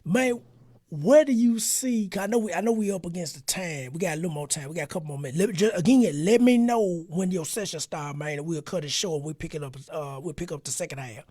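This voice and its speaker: A man hosting a podcast interview, telling a story in an animated, slangy way. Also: a little high, fast, slightly rough, dry recording, studio quality. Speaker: podcast host. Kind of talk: casual interview chat.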